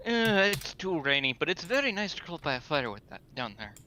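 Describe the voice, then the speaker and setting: A man playing a tabletop game, talking politely in character. His voice is a bit high and bright, with faint keyboard typing and clicks behind him. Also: big pitch swings, fairly quick, slight background noise. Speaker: player.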